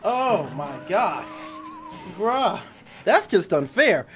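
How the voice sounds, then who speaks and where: Excitable man with a lively, swooping voice. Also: high-pitched, measured pace, a little hiss or hum. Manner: excitable, swearing, laughing at his own fails. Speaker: gaming YouTuber. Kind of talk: let's play commentary.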